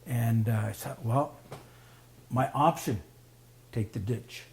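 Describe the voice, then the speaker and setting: Animated man telling a story. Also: medium pitch, slow pace, vocal fry. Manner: animated, acts out quoted voices, laughs often. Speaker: storyteller guest. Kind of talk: casual spoken storytelling.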